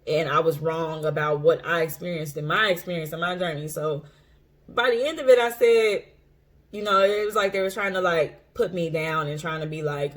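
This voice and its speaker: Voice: mid-range voice, moderate pace, a bit bright. An intuitive coach talking casually to camera, blunt and profane, repeating phrases for emphasis and laughing often. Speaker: intuitive coach and tarot reader. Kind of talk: casual unscripted monologue to camera.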